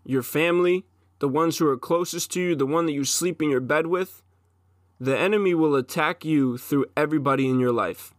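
A man's voice: a little high, normal speed, dry recording, studio quality. A man in his twenties gives an intense, profane solo monologue as a podcast host, often restarting his sentences.

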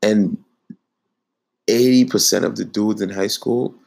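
A young man co-hosting a casual chat, teasing his co-host and telling his own story in relaxed slang. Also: lowish voice, measured pace, gravelly.

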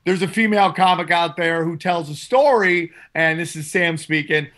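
A comedian co-hosting a casual podcast, loud and crude, hedging his points with fillers. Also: a little high, moderate pace. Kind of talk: casual chat.

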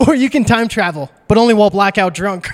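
A man's voice: sits high, expressive, fairly quick. A man hosting a podcast in a casual chat, reading out questions and laughing easily. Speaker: podcast host.

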